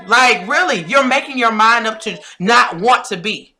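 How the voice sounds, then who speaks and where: Woman, thirties, Southern US accent, life coach, blunt and preachy, bright forceful tone. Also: on the high side, animated, normal speed. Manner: blunt, preachy, repeats phrases for emphasis. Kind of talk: direct-to-camera pep talk.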